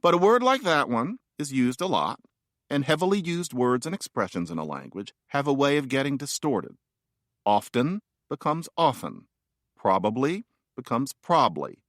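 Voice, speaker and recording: Male author-narrator, playful and wry, very lively intonation, dry close studio sound. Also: medium pitch, normal speed, dry recording. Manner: wry, playful, conversational asides. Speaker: author reading his own book. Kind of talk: nonfiction audiobook narration.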